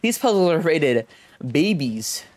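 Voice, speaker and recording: A young man streaming a horror video game, reacting with excitable, profane trash-talk into a desk mic at home. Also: on the high side, slow. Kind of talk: let's play commentary.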